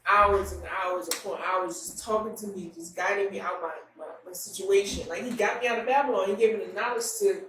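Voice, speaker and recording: Woman interview guest, emotional and halting, off-mic in a roomy echo. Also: medium pitch, steady tone, a bit bright. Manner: emotional, halting, many restarts. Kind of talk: candid conversational interview. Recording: roomy echo, distant mic, faint room noise.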